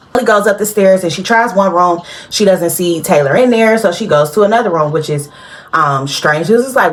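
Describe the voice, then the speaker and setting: A woman hosting a casual TV recap, chatty and animated, talking straight to her viewers and laughing often. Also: on the low side. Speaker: TV recap host.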